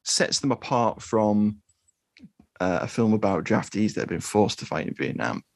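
A man co-hosting a film podcast, talking through a war film in a measured, thoughtful way. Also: lowish voice, gravelly, a little mellow, no echo. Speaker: podcast co-host. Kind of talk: casual film discussion.

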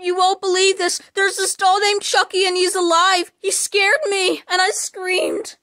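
A woman's voice: very high-pitched, little pitch movement, a little slow, bright, forceful tone. A woman acting out several characters in a plush toy drama, with a dramatic manner. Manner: dramatic, shifting between characters. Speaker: puppeteer voicing the toys.

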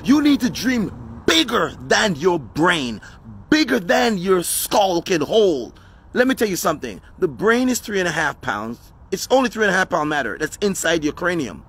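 A man's voice: sits high, big pitch swings, normal speed, a bit bright, slight background noise. A man giving a motivational talk outdoors, with an emphatic, preachy delivery that repeats key phrases. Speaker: motivational speaker. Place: outdoors on his front step.

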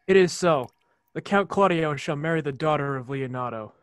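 A man's voice: a little high, normal speed, no echo, natural voice. A teenage boy playing a bitter, scheming villainous prince in a Shakespeare school play, resentful and brooding. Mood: spiteful. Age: late teens. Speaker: student actor. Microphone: video call.

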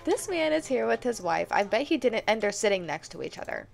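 A woman hosting a life-sim let's play, commenting excitedly with gasps and laughs. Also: a little high, a little fast, vocal fry, faint music behind. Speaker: gaming channel host.

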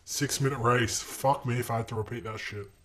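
A man's voice: mid-range voice, steady tone, fairly quick, slight background noise. A young man giving crude, sarcastic commentary while playing a game at home into a desk mic. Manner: crude, sarcastic trash talk at other drivers; sudden loud outbursts and shouting. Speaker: gaming channel host. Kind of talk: profane gameplay commentary. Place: room at home.

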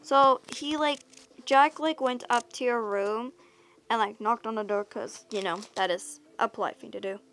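A woman's voice: a little high, normal speed, a bit bright. A woman narrating a listener role-play story in a casual, rambling way, full of fillers. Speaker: audio role-play creator.

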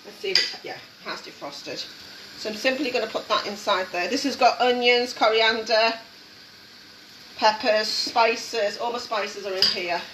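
A woman's voice: on the high side, moderate pace. A woman hosting a casual cooking demonstration in a home kitchen, chatting and encouraging while she works. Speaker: cooking show host. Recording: echoey kitchen, mic at a distance, background noise.

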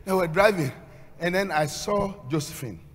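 A man preaching a sermon as a pastor, swinging between storytelling and loud, half-sung, shouted exhortation. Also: high voice, moderate pace, noisy background. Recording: long hall reverb.

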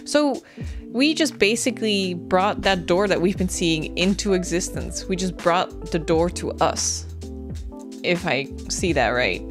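A young woman streams gameplay, giving let's play commentary while swearing freely and cheering herself on. Her voice sits on the low side, with lively intonation and a measured pace. Game music and rain sounds play behind her.

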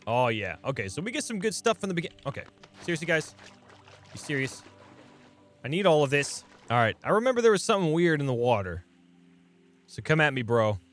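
Excitable young man playing a game. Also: a little high, brisk, long pauses. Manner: excitable, talks to viewers, yelps and laughs at surprises. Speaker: gaming channel host. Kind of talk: let's play commentary.

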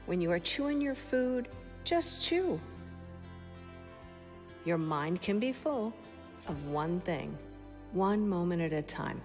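A woman gently guiding children through a mindfulness exercise, calm and softly asking questions. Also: lowish voice, slow pace, pauses often, soft background music.

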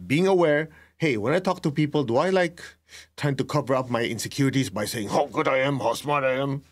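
A middle-aged man giving a spiritual lesson as a meditation teacher, talking deliberately and telling students to write points down. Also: medium pitch. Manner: slow, deliberate, tells students to write things down; laughs at himself, acts out remembered exchanges.

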